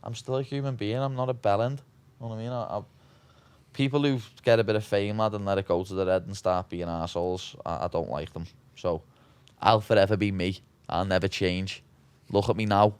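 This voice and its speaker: A man's voice: on the low side, steady tone, fairly quick, darkish tone, clean tone, no room sound. A young man with a Scouse accent being interviewed, blunt and brash, swearing freely and calling everyone "lad". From Liverpool, England. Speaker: interview guest, fighter. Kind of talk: casual interview chat.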